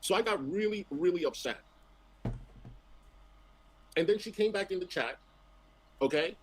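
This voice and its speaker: A man's voice: sits high, expressive, a little slow, poor audio. A man in a played stream clip, ranting defensively about being wronged, with heavy swearing. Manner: aggrieved, defensive, profane.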